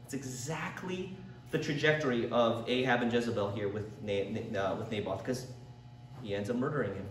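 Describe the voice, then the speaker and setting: A man's voice: medium pitch, normal speed, a little hiss or hum. A man teaching a church Bible lesson in a conversational way, sometimes acting out the people he quotes. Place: church classroom. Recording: echoey room, picked up from a distance.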